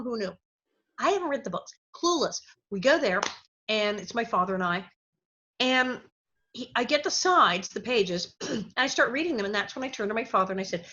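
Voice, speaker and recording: A middle-aged woman, a former child actress, telling lively stories as an interview guest and acting out the people she quotes. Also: fairly high pitch, quick pace. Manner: animated storyteller, acts out quotes with big laughs. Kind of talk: casual storytelling interview. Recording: dull lo-fi audio.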